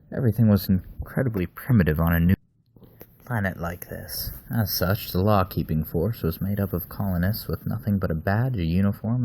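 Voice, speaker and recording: Low, gravelly-voiced man reading a story. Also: warm tone, slight background noise.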